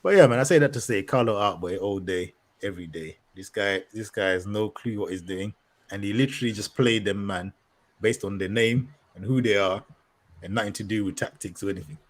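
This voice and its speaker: A man's voice: lowish voice, fairly quick. A young man co-hosting a football podcast, ranting in slang, laughing often and talking at length. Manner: animated, laughing, street slang, rants at length. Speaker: podcast co-host. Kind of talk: casual football podcast rant.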